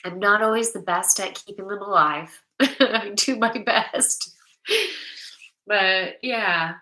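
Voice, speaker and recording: A middle-aged woman chats on a casual livestream, reading viewer comments aloud in an echoey room. Her voice is on the low side, bright and forceful.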